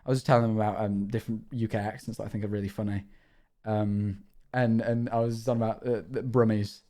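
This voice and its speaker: A man's voice: fairly low pitch, flat delivery, quick pace, mellow. A man chatting casually on a livestream, rambling and self-deprecating, with frequent swearing. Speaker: streamer.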